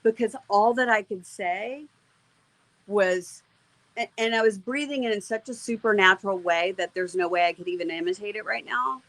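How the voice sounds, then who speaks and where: A woman's voice: medium pitch, normal speed, fairly bright tone, no room sound, poor audio. Earnest woman telling an emotional testimony. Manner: earnest, emotional storytelling with many fillers. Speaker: interview guest. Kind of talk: personal testimony in conversation.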